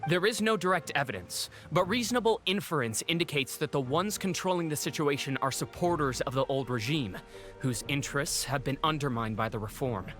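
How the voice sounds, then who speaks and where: A man's voice: fairly high pitch, animated, brisk, fairly bright tone, faint music behind. An actor playing a formal male investigator in a video game, delivering findings matter-of-factly.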